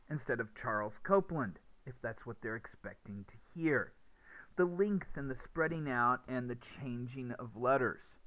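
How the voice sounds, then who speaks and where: Bright-voiced man teaching pronunciation. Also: on the high side. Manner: explanatory, repeats words when restarting. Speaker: English teacher. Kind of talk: recorded pronunciation lesson.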